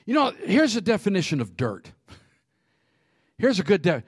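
Male preacher, higher voice, dry close sound, animated storyteller who laughs a lot and rallies the congregation. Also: normal speed, slightly rough, no room sound. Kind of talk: sermon with humorous storytelling.

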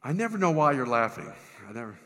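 Male preacher, bright and animated, humorous storytelling, reverberant church sound. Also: medium pitch, fast. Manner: animated, self-deprecating, stumbles and restarts. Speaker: pastor. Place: church sanctuary.

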